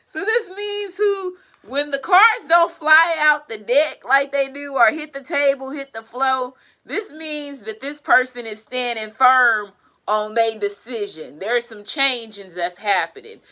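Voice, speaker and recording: Tarot reader, woman, high and bright voice, cusses through an exasperated rant, jumps from loud outbursts to low muttering. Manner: profane, exasperated ranting with bursts of laughter. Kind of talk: casual tarot reading monologue.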